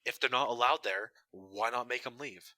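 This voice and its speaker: A man co-hosting a casual chat, opinionated and quick to chime in. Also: medium pitch, sharp tone, no echo. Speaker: podcast co-host.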